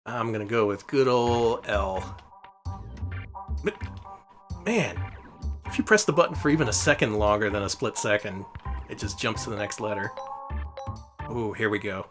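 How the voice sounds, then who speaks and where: A man's voice: fairly low pitch, normal speed, pauses often, a bit bright, soft background music. A man casually commenting while playing a retro game on a stream, joking and sarcastic. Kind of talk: casual let's-play commentary.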